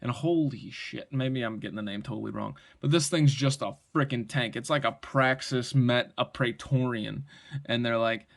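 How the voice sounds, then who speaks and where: A man talks through a pocket knife in a loose, excited review, wandering off on tangents and checking in with "right?" as he goes. His voice sits at an ordinary middle pitch, and he swears mildly when something impresses him. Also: normal speed, creaky. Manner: enthusiastic, rambling, frequent "right?" and mild swearing. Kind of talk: casual product review.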